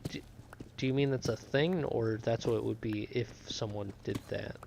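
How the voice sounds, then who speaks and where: A man's voice: medium pitch, moderate pace, gravelly, background noise. A young man streaming a game, chatting casually and rambling to his viewers in a self-deprecating way. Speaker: gaming streamer. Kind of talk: casual gameplay chat with chat. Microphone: desk microphone.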